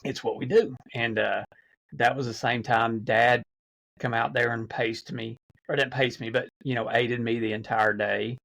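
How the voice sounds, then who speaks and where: A man's voice: mid-range voice, little pitch movement, normal speed, creaky, fairly bright tone, low-quality recording. A man, a podcast guest, telling stories in a rambling casual way, with many fillers and restarts. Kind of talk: casual storytelling.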